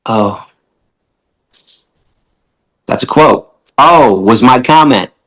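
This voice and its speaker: A man's voice: medium pitch, expressive, drawn-out words, a bit bright, rough recording. A man from Michigan, a guest on a podcast, talking bluntly and with profanity, ranting and mocking opponents in quoted voices. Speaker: guest, animal rights lecturer. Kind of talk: impassioned podcast interview.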